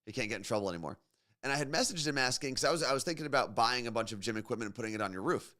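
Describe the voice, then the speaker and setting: A man co-hosting a morning radio show, telling long casual stories with a relaxed, rambling manner. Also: mid-range voice, racing. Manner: chatty storyteller, bursts into silly singing.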